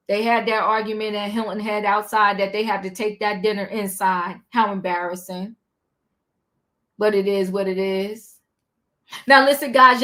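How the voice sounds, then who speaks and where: High-pitched lady streamer dishing on a reality show, sassy and talking back. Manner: animated, sassy, talks back to the people she recaps. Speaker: livestream host recapping a reality show. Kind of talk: casual chat.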